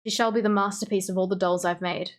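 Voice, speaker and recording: An Australian woman reading the lines of a cold, obsessive male doctor who makes dolls, in a calm, formal, softly menacing way. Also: mid-range voice, fast, natural voice.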